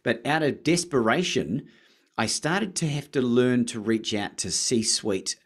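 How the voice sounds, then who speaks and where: An Australian man tells his story as a guest on a podcast, in easy, casual talk. He gets animated and acts out his phone calls as he goes. His voice sits in a middle register. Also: medium pitch, measured pace.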